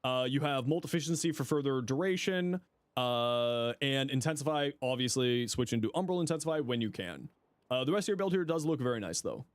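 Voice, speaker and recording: A man's voice: mid-range voice, animated, brisk, no room sound. A man giving casual livestream commentary, thinking aloud with frequent fillers while he gives friendly advice to viewers. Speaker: streamer reviewing viewers' game builds.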